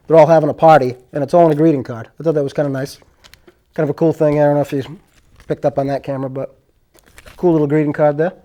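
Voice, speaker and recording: A man's voice: on the high side, warm tone. A man hosting his own show, telling spooky stories in a rambling, earnest, conversational way. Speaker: host. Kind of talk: casual storytelling.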